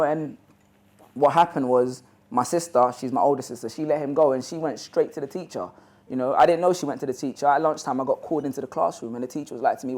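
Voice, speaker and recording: A man with a London accent, originally from Ghana, telling a personal story to a live audience in a loose, conversational way that is full of "you know" asides. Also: mid-range voice. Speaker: motivational speaker.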